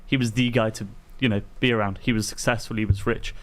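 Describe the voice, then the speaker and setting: A man's voice: on the low side, fairly even intonation, fast. An English man co-hosting a casual live-stream chat, speaking hesitantly with frequent ums and restarts. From England. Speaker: podcast co-host.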